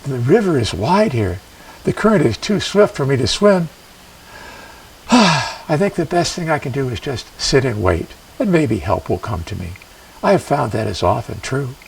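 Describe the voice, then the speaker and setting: A man voicing a kind, trusting young woman who speaks softly and gently. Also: medium pitch, very animated, normal speed, vocal fry, distant mic, slight background noise, pitched below the performer's own voice, low-quality recording. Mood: gentle.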